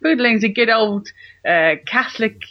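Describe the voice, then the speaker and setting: A man's voice: high-pitched, moderate pace, no room sound, highs cut off. A man co-hosting a comedy podcast over a call, cheeky and camp with frequent laughter. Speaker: podcast co-host. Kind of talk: casual comedic chat. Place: rural house in France. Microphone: remote call.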